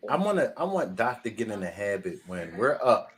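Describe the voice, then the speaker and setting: Laid-back low-voiced podcast host. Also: male voice, big pitch swings, normal speed, a little hiss or hum. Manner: laid-back, slangy, laughs often. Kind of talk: casual sports chat.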